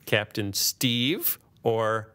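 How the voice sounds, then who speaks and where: A man's voice: fairly low pitch, animated, sharp tone. Joking male podcast host. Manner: playful, jokey, quick to riff. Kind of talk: casual chat.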